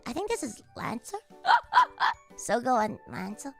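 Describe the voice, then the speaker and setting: A young woman streaming, telling stories in a chatty, animated way and laughing loudly and often. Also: high voice, measured pace, gravelly, soft background music. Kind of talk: casual chat stream.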